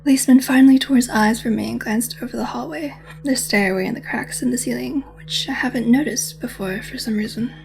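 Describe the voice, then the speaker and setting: A woman's voice: a little high, brisk, vocal fry, few pauses, darkish tone. A woman gaming host reading a visual novel aloud, mixing dramatic reading with casual asides. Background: faint game music.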